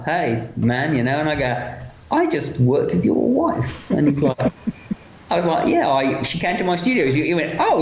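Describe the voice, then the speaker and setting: A man at a middle pitch tells long, lively anecdotes as an interview guest, full of fillers and quoted dialogue. His voice carries a noticeable roomy echo. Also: highs cut off. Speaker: interview guest, effects makeup artist. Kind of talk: casual storytelling interview.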